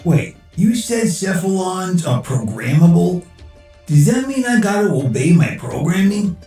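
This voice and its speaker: A snarky male AI sidekick, played by a man, heckles in loose slang. His voice is gravelly and mellow, a little higher than most. It sounds recorded in a very echoey room. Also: sing-song, measured pace, faint music behind, heavily acted. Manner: sarcastic, heckling, casual slang.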